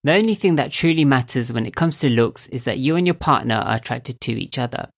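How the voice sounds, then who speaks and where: A young man with a voice he calls squeaky and nasal, giving calm, earnest motivational advice to camera as a self-help video host. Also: fairly quick, gravelly. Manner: calm, earnest, coaching tone with rhetorical questions. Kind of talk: reflective motivational talk to camera.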